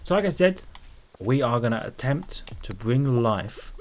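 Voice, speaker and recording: A man's voice: mid-range voice, animated, unhurried, slight background noise. A man hosting a let's play, explaining the game in a casual, joking, playful way. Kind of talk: casual gameplay commentary.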